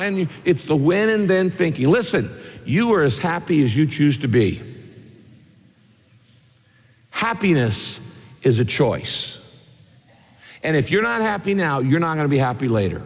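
Guy preaching, kinda high voice, chatty story style w/ lots of questions, long hall echo. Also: sing-song, moderate pace, long pauses. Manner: folksy storytelling with rhetorical questions. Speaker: pastor. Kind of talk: sermon.

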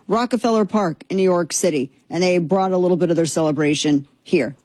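A woman's voice: on the low side, fairly quick, few pauses, mellow, no room sound. A woman hosting a commentary show, talking in a chatty, sarcastic, rambling way. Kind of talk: opinionated political commentary.

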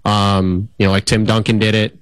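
A man with a lowish voice chats casually about basketball, leaning on "you know" and "like" as he works through history and numbers. The sound is dry and close. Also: flat delivery, moderate pace, clear, resonant tone, no room sound. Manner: conversational, talks through stats and history with fillers. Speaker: basketball writer on a podcast. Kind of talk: casual sports chat.

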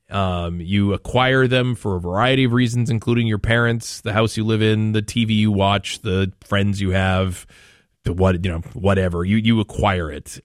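A man's voice: on the low side, no room sound, studio quality. A man from Maine hosting a talk radio show, chatting in a rambling way with frequent restarts. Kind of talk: casual talk radio chat.

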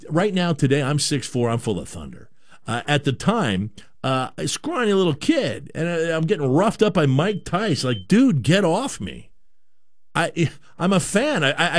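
A man's voice: fairly high pitch, sing-song, moderate pace, dry recording, studio quality. A man born in Canada hosting a sports talk show, giving a rambling, opinionated monologue with lots of repeated words.

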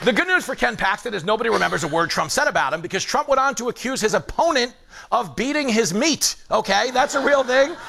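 A man's voice: extremely high pitch, quick pace, creaky. A man hosting a late-night comedy monologue, joking and acting incredulous in front of a live studio audience. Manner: animated, joking, mock-incredulous.

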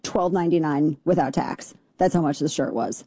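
A woman's voice: deep voice, dark tone, slightly rough, dry recording, clean studio sound. Brash, sarcastic talk radio host woman. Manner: brash, sarcastic, fast-talking. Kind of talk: opinionated talk radio commentary.

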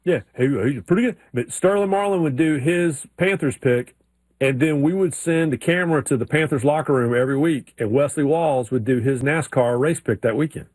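Animated man telling stories. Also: a little high, moderate pace, no room sound. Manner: animated storyteller, mimics drawling voices. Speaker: sports radio co-host. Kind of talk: casual sports chat.

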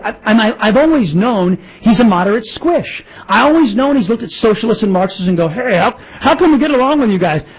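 A man's voice: high voice, breathy edge, poor audio. A man hosting a political talk radio show, ranting angrily with frequent restarts. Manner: angry, ranting, with many restarts. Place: radio studio.

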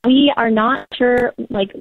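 A woman's voice: a little high, fairly even intonation, takes it slowly, dry recording. A woman calling in to a radio show, nervous, giggly and eager as she explains her question. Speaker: caller. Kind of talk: call-in radio conversation. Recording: phone-line caller audio.

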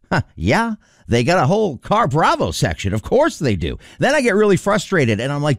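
A man's voice: a little fast, dry recording, clean studio sound. A man co-hosting a radio show, telling a chatty story as a radio ad. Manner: animated storytelling, quotes friends in a lower voice. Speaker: radio show co-host reading an ad. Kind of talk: conversational radio ad read.

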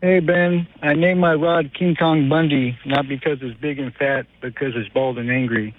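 A man's voice: mid-range voice, fairly even intonation. A man from the Bay Area calling a radio show by phone to fire off crude one-liners. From San Francisco Bay Area. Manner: crude, rapid-fire joker. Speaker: radio caller. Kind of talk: phoned-in joke lines. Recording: tinny phone line.

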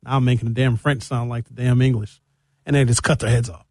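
A male host giving casual, opinionated call-in commentary in an animated, joking way. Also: mid-range voice, fast, no room sound.

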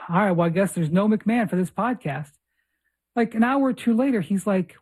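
A man's voice: sits high, lively intonation, moderate pace, pauses often, breathy edge. A man hosting a podcast, chatting casually and telling long rambling stories about his own mix-ups. He pokes fun at himself and doubles back to restart his sentences as he goes. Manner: rambling storyteller, self-mocking. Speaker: podcast host. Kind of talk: casual chat.

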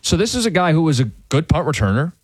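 A man co-hosts a sports radio show, chatting in an animated, opinionated way. His voice swings widely in pitch. The studio sound is dry and close. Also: fast, breathy edge, no echo. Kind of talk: casual sports radio chat.

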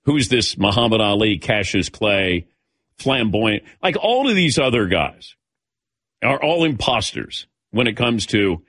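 An older man hosts a relaxed talk show and drifts into long sports memories, turning to his co-hosts by name. His voice sits a little low. It sounds close and dry, with no room around it. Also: a little slow, no room sound. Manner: storytelling, calls on co-hosts by name. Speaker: host. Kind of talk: casual chat.

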